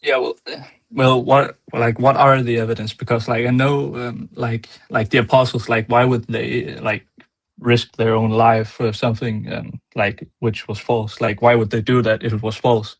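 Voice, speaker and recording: A man's voice: mid-range voice, little pitch movement, normal speed, dry recording. A young man with a Danish accent who is not a native English speaker, calling in and speaking hesitantly with many fillers. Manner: hesitant, fills with "like" and "um". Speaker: caller.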